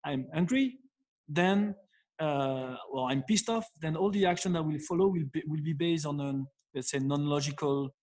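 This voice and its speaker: A man with a manner giving advice in an interview, speaking haltingly with many fillers and restarts. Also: a little high, darkish tone. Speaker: guest expert. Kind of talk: interview answer.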